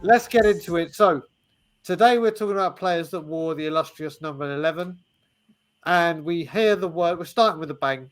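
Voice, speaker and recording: A man's voice: on the high side, normal speed, soft background music. A man co-hosting a casual chat, cheerful and self-mocking. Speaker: co-host.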